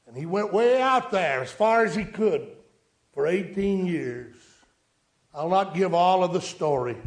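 Male country preacher, high voice, storytelling sermon, echoey church sound. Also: animated, unhurried. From rural United States. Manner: storytelling preacher, rising to emphatic pleas.

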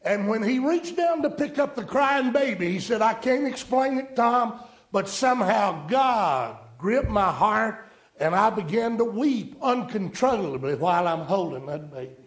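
Male country preacher, high voice, storytelling sermon, echoey church sound. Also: animated, a little slow. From rural United States. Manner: storytelling preacher, rising to emphatic pleas.

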